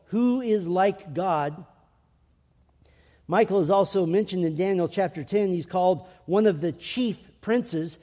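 A man preaching a sermon, reading scripture and building to emphatic, loud proclamations. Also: high voice. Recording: long reverb of a large hall.

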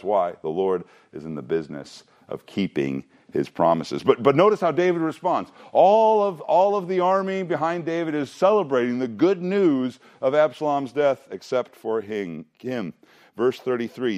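A middle-aged man preaching through a Bible passage in a conversational, animated way with frequent restarts. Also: mid-range voice. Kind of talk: expository Bible teaching.

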